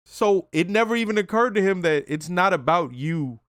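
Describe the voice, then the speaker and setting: A man's voice: high-pitched, lively intonation, moderate pace, a bit bright, no echo, studio quality. A man hosting a reaction video, casually reviewing a TV episode in a loose, profane, conversational way.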